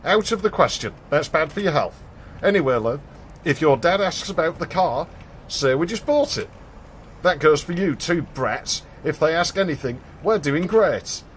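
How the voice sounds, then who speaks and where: A man's voice: fairly high pitch, expressive, moderate pace, a little hiss or hum, lightly acted. A man voicing a bossy, scheming mother who gives curt orders to her family. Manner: curt and commanding.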